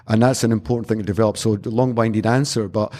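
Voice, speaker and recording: With a lowish, warm voice, fast pace, and fairly even intonation, this man from Scotland tells stories in a relaxed interview. He is a martial arts instructor, earnest and rambling, often restarting his anecdotes.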